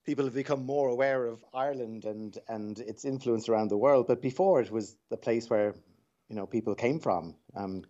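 A man who is a voice coach talks through a point in a measured, explanatory way. His voice sits at an ordinary middle pitch. He is heard over a dull, muffled phone line. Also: dark tone. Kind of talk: phone-in interview.

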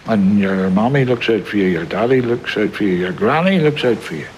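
Guy playing gentle old grandpa in a movie, dry jokey, soft room hum behind. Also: lowish voice, lively intonation, fairly quick, lightly acted, poor audio. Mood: tender. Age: older. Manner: tender, reassuring, dryly humorous. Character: warm older grandfather, gentle and wry. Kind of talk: film drama acting.

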